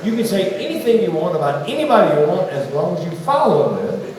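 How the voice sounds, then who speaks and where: Animated comedian in an echoey hall. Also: male voice, sits high, quick pace. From North Carolina. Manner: storytelling, animated, folksy asides. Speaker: stand-up comedian. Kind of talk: stand-up comedy routine. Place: large hall with live audience. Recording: echoey hall, distant mic, crowd noise.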